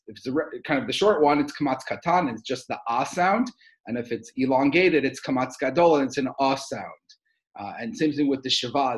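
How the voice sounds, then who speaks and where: A man's voice: medium pitch, poor audio. A man giving a lecture, explaining step by step with frequent "uh" fillers and "right?" checks to his listeners. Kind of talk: recorded lecture.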